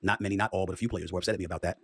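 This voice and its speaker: A man hosting a sports talk program with a very deep, husky voice. He speaks emphatically and leans on his pauses for drama. Between those pauses, his words come out in quick bursts. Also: fairly even intonation, a bit bright. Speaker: sports talk show host. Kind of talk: broadcast commentary.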